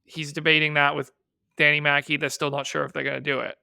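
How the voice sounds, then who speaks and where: A podcast co-host from Boston talks in a casual, thinking-aloud way. His voice is bright and crisp and sits a little high, and the sound is dry and close. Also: flat delivery, fast talker, no echo. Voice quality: thinks aloud, hedging with "I mean" and "like". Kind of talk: casual chat.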